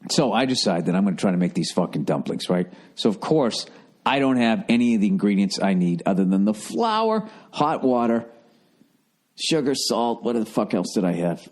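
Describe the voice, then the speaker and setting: A man's voice: medium pitch, darkish tone. A middle-aged American man telling a rambling, profane comedic story as a podcast host.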